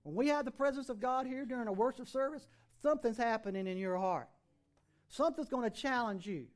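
A man's voice: very high-pitched, a little fast. A middle-aged man preaching a sermon as pastor, folksy and conversational, with plenty of rhetorical questions.

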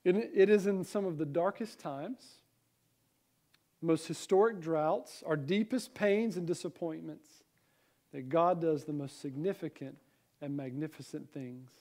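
A man's voice: fairly high pitch, a little mellow. A man with a Southern American accent preaching a conversational Sunday sermon, reading scripture and asking the congregation questions. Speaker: pastor.

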